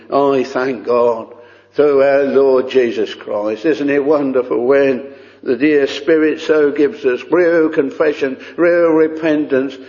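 A man's voice: mid-range voice, a little mellow. A man preaching a sermon in an earnest, pleading way, often repeating phrases and crying out "oh". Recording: dull lo-fi recording with long hall reverb.

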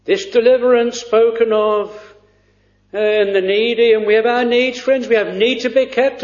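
A man preaching a sermon in an earnest, hesitant way with frequent pauses. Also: very high-pitched, fairly even intonation. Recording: dull lo-fi recording.

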